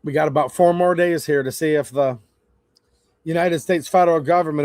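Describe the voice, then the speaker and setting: Male live-stream host with a somewhat high voice and a dry, close sound; blunt, opinionated, casual, chatting to viewers. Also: fairly quick, darkish tone, no echo. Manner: blunt, opinionated, talks straight to chat.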